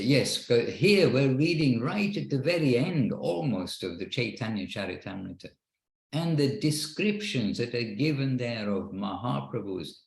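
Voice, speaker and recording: Over a video call from home in Wexford, Ireland, the leader of an online devotional class talks with earnest, wandering speech full of restarts. His voice is mid-range; the room echoes and the recording is rough.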